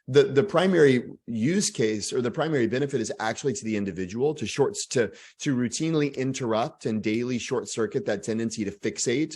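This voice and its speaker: A man from Texas, in his forties, speaking as a guest author in a casual interview, animated and full of asides and jokes. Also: mid-range voice, husky. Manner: energetic, animated storyteller with frequent asides and self-deprecating humor.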